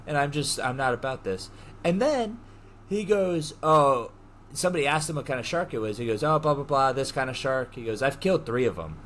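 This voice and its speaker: A young man co-hosting a podcast, telling a story in an animated way, laughing and swearing as he goes. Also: mid-range voice, brisk, a little hiss or hum. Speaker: podcast co-host. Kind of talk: casual storytelling chat.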